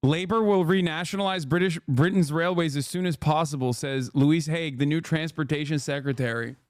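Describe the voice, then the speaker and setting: A man's voice: a little high, brisk, no echo, clean studio sound. A man, streaming and riffing in a rambling, profane, joking way over clips. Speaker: streamer host. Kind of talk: live-stream reaction commentary.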